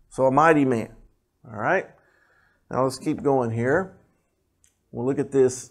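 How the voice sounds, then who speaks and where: A man preaching a sermon, reading scripture aloud and explaining it with animated, rising emphasis and asides. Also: a little high.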